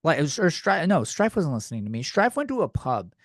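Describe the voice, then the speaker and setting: Lively, profane male podcast host. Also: fairly high pitch, brisk, no room sound, studio quality. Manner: blunt, profane, rambling with restarts. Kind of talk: comedic podcast monologue.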